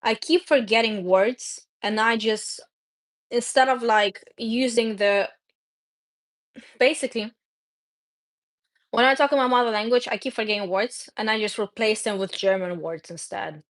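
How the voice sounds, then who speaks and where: A woman streamer, a native Russian speaker, chatting casually with her viewers. Her voice sits a little high, and she rambles loosely, stumbling over words and restarting them. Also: a little slow, pauses often. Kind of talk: casual chat.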